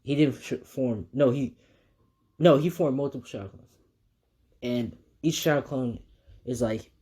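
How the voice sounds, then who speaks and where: A man's voice: mid-range voice, measured pace, warm tone. A man casually retelling a fan story, rambling with many fillers and restarts.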